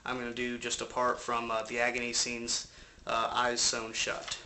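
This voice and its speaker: A man's voice: medium pitch, monotone, normal speed, noisy background. A man with a cold, casually explaining vocal technique from his apartment in a loose, rambling way. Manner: loose, rambling explanations with fillers and occasional swearing. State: has a cold. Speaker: vocal coach. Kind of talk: casual instructional talk.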